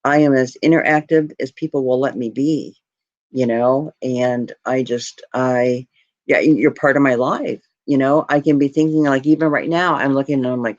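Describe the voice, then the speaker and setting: In muffled, dry lo-fi audio with no room sound, a jewelry live stream host chats casually and heartfeltly with her viewers. Grateful and rambling, she's tearing up, nearly crying. Her extremely low voice is a little mellow, steady in tone and moderate in pace.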